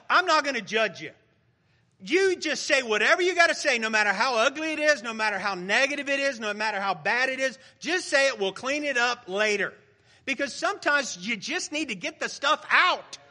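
A man's voice: high-pitched, pushed and bright. A middle-aged male pastor preaching a sermon in a conversational, joking way with the congregation.

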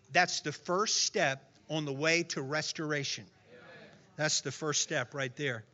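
Male pastor giving a sermon, high bright voice, dull lo-fi recording, swings quiet to loud. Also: measured pace. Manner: lively, swings from hushed to emphatic; acts out voices in retold scenes. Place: church room with congregation.

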